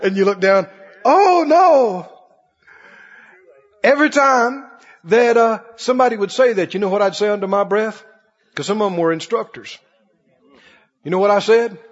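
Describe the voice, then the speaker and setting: High husky preacher guy storytelling his sermon, muffled lo-fi sound, big echoey hall. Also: brisk. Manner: storytelling preacher, rising and dropping emphatically. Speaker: pastor. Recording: dull lo-fi recording in a reverberant hall.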